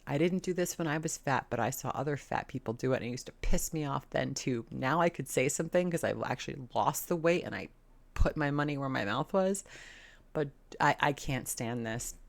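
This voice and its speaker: A woman's voice: very deep voice, lively intonation, brisk, creaky. A woman hosting a reaction video, talking bluntly and sarcastically and swearing often. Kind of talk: casual commentary.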